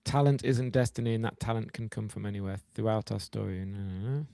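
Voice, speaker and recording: Wry podcast co-host, dry sound. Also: male voice, fairly low pitch, fast talker, gravelly, mellow, dry recording. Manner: wry, jokey, reads then riffs. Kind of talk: casual chat reading an essay.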